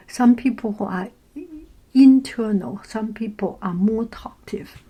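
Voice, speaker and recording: A woman, whispering a casual vlog story and pausing often with fillers while she searches for words. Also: on the high side, husky, rough recording. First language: Chinese. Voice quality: soft whisper. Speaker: vlogger.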